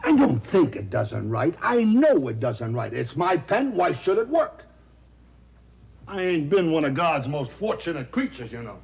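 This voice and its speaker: A loud bitter talent agent. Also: male voice, a little high, sing-song, a little slow, vocal fry, slightly rough, full character voice. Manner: loud, wisecracking, sour and self-pitying. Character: loud bitter talent agent, man, middle-aged, self-pitying. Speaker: theatrical agent. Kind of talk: 1970s television drama acting.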